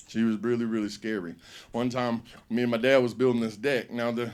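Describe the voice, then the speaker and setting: On stage hosting a comedy show, a middle-aged man tells loud, foul-mouthed stories and acts scenes out. His medium-pitched voice is clean in tone and fairly quick, with a flat delivery.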